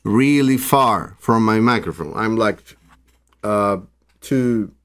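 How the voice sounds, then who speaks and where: A man's voice: on the low side, takes it slowly, a bit bright. A man reviewing tech gear in a hands-on demo, speaking English as a second language and thinking aloud with frequent restarts and fillers.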